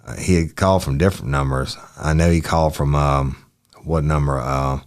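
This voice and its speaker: A man's voice: extremely low pitch, steady tone, normal speed. A man reading out the answers of a young male witness in a police interview, polite and brief. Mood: plain. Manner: short answers, polite "yes, sir".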